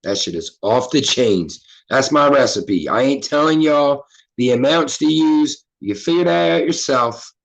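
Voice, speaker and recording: Casting: relaxed Philly guy, loose and profane streaming chatter, mid-pitched voice. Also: measured pace, vocal fry, dull audio. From Philadelphia. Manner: laid-back, profane, reading chat aloud. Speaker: livestream host. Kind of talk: casual livestream chat.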